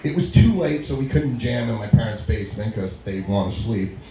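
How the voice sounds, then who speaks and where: A man's voice: lowish voice, animated, a little fast, mellow, soft background music. A middle-aged male comedian doing a stand-up set, telling long stories, laughing at his own lines and acting out quotes. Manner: storytelling with frequent laughs and acted-out quotes. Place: small comedy venue. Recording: echoey room recording.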